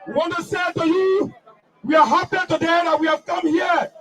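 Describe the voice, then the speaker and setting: A man giving a shouted protest speech at an outdoor rally, leading chants and rousing the crowd. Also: extremely high pitch, fairly even intonation, normal speed, over music. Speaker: protest speaker. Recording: distant mic, loud crowd outdoors.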